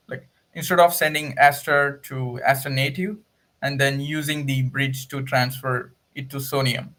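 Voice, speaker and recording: A man's voice: mid-range voice, fairly bright tone. A man moderating a community call, thanking speakers and reading out user questions.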